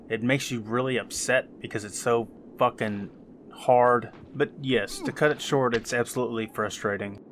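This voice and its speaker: A man's voice: mid-range voice, fairly bright tone, a little hiss or hum. A man hosting a casual first-impressions video on a game, sarcastic, swearing casually, with plenty of fillers. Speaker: gaming channel host.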